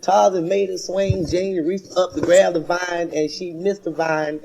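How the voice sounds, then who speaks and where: A man's voice: high-pitched, fairly even intonation, unhurried, creaky, a little mellow. Folksy man telling stand-up jokes. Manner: folksy storyteller, laughs at his own jokes. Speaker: stand-up comedian. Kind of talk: stand-up comedy routine. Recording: noisy vintage live recording.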